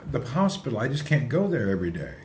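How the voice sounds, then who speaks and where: A man talking casually on a livestream, rambling from one thing to the next. He answers his viewers' comments out loud in a chatty, easygoing way. His voice sits at an ordinary middle pitch. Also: sing-song, fast, very noisy.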